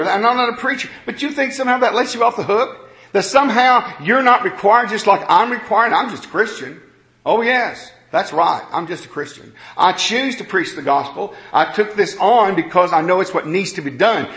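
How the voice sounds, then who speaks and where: A man preaching a sermon in an earnest, conversational way, moving between quiet reflection and emphatic points. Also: high voice, reverberant.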